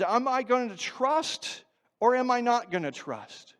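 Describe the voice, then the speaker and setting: A man preaching a sermon as pastor, animated, swinging between loud emphasis and hushed asides. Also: very high-pitched, a little slow. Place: church sanctuary. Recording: church hall reverb.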